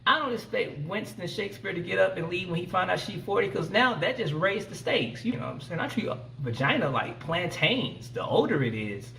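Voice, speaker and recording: A man comically recapping a scene with deadpan delivery and crude asides. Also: sits high, a little fast, gravelly, hardly any pauses, far from the mic, slight background noise. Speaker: comedian presenting a recorded clip.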